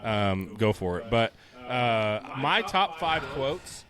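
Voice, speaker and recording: A man in his thirties co-hosting a casual podcast, animated and chatty. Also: mid-range voice, slow, a crowd in the background. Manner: animated, quotes movie lines in silly voices. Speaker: podcast co-host.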